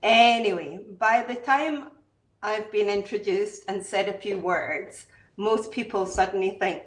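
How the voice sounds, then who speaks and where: A woman's voice: mid-range voice, unhurried, echoey room, rough recording. A Scottish woman, a wine producer, telling her story in a chatty, self-deprecating way on a video call. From Scotland. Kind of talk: online interview, storytelling.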